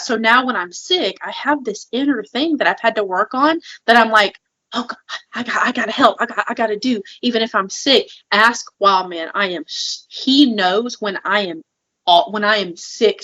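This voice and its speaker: A woman's voice: medium pitch, normal speed, pushed and bright, lo-fi sound. A woman co-hosting a podcast, talking openly and with feeling about her own struggles, often using "like". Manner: open, emotional, heavy filler "like". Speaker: podcast co-host. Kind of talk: candid personal conversation.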